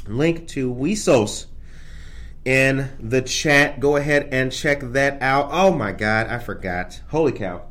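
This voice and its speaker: A man hosting a casual morning podcast, chatting animatedly straight to his live viewers. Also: mid-range voice. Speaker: podcast host. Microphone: streamed on camera.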